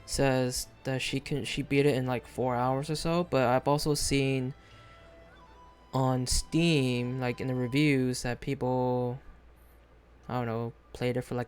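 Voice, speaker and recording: A man's voice: mid-range voice, clean tone. Man, live game streamer, casual rambling chat, hesitant, faint guitar music behind. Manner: rambling, hesitant, many fillers and restarts.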